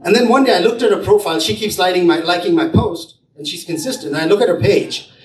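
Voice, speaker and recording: At an entrepreneurs' event, a man tells personal anecdotes and acts out the dialogue in quotes, his voice high, fast and carrying a slight hiss or hum. It's personal storytelling before an audience in an event room, picked up by a distant mic with a roomy sound and faint ambience.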